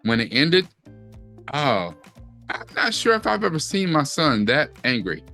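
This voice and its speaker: A man's voice: on the high side, sing-song, a little slow, sharp tone, soft background music. A middle-aged man, co-hosting a casual chat and acting out quotes as he tells a story. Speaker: co-host.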